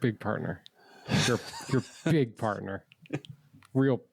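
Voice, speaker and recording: A man's voice: lowish voice, normal speed, darkish tone, clear, resonant tone, no room sound. A man co-hosting a podcast, chatting casually with playful, goofy, teasing humor. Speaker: podcast co-host. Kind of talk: casual chat.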